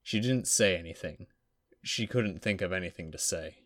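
A man narrating fiction aloud in a steady, even storytelling manner. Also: low-pitched, moderate pace, no echo, clean studio sound. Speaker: audiobook narrator.

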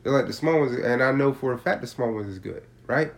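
A man's voice: mid-range voice, fairly quick. Slangy, profane man talking casually. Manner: slangy, profane, streetwise talk; animated storytelling with acted-out quotes. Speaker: seller explaining prices. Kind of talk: casual chat.

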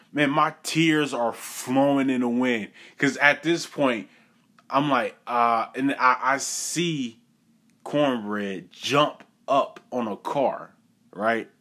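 Animated man telling a story. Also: mid-range voice. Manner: animated, repeats phrases for effect, acts out quotes. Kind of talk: casual personal storytelling.

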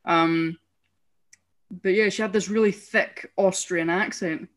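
A woman's voice: on the low side, fairly even intonation, slow pace. A woman telling school stories in casual chat, laughing often as she talks.

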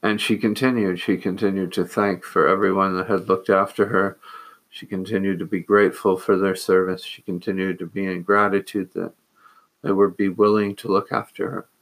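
Male monk storyteller; low, monotone voice, earnest, measured, a little halting. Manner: measured, earnest, with hesitant pauses. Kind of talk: personal storytelling.

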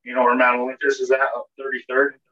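A man's voice: medium pitch, completely flat delivery, quick pace, bright, forceful tone. A man, co-hosting a podcast and telling a story in a casual, rambling way, full of filler words and swearing. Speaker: podcast co-host. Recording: dull lo-fi podcast audio.

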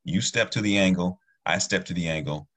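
Low husky man talking earnestly. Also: a little fast, fairly bright tone. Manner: earnest, rambling storyteller with many restarts. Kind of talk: casual conversational discussion.

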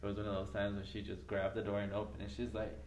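A man's voice: fairly low pitch, completely flat delivery, quick pace, a little mellow. A man chatting casually, laid-back and rambling, with lots of fillers. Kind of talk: casual chat. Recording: roomy echo, faint ambience.

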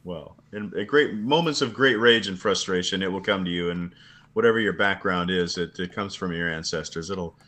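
A man chatting casually on a video call, jokey and rambling, quick to laugh. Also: sits low, sharp tone. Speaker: podcast guest.

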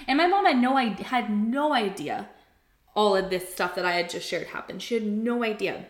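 A young woman telling a personal story in casual chat, candid and animated, swearing and filling her talk with "like". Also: mid-range voice, moderate pace, reverberant. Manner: candid, animated, swears freely, many fillers.

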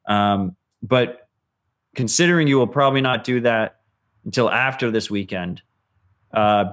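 A man co-hosting a podcast in casual chat, blunt and swearing freely. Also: fairly low pitch. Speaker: podcast co-host.

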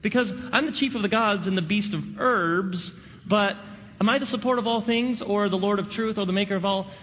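A man's voice: sits high, a little fast, long reverb tail, highs cut off, a little hiss or hum, close to an everyday voice. A man voicing a pompous male god who insists on being addressed by all his titles, in a haughty, indignant way.

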